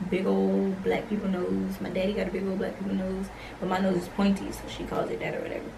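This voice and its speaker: A young woman vlogger telling a storytime tale casually, acting out the dialogue with slangy, animated delivery. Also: medium pitch, vocal fry, far from the mic, background noise.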